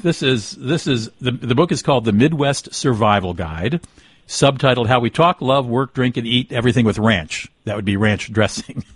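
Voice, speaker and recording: A man hosting a radio travel show, talking in a relaxed conversational way with small hesitations. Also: medium pitch, normal speed, husky, no echo. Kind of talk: radio interview and read sponsor spot.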